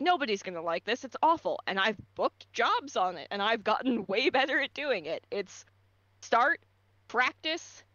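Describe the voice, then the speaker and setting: A woman's voice: medium pitch, sharp tone, no room sound. Woman voice actor chatting away, lots of like and right, dry dull mic. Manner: chatty, encouraging, many fillers. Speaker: guest voice actor. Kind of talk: casual chat.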